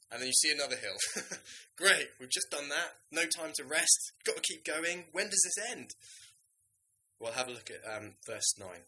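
A man preaching a sermon in a lively, conversational way, now and then acting out the voices of biblical figures. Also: on the high side, slight background noise, poor audio.

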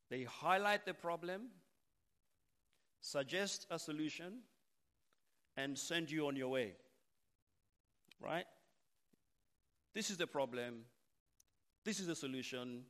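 A man preaching a sermon, slow and emphatic, dropping to a hush and then rising loud for stress. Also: a little high, expressive.

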